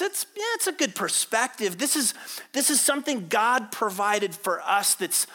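Bright-voiced man preaching a casual sermon. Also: high voice. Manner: informal, joking asides and audience questions. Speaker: pastor.

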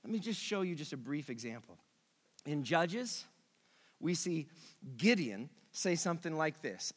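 A middle-aged man preaching a sermon as pastor, animated and quick, dropping to a hush and rising to emphatic peaks. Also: on the high side, in a large hall.

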